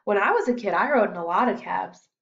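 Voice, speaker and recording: A woman's voice: medium pitch, expressive, fast, gravelly, fairly bright tone, muffled recording. A woman voicing a friendly, chatty teenage boy who works as an assistant trainer.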